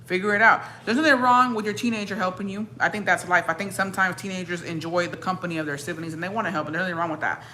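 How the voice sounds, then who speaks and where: A young woman streams very fast with few pauses, her low voice pushed and bright but fairly even in intonation. Reacting to viewers, she's blunt and profane, and her Mexican-American English keeps shifting into Spanish.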